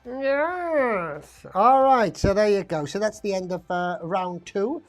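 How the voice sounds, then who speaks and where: A woman runs a live online pub quiz, chatting and rambling between questions and laughing at her own asides. Her voice sits at an ordinary middle pitch, with faint music playing behind her. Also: expressive, normal speed. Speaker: quiz host.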